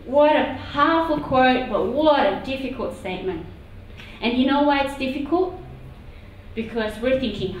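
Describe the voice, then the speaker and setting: A woman preacher giving a sermon in a church meeting room, talking in an animated, conversational way with asides. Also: high-pitched, moderate pace, slight background noise. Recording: echoey hall from far off.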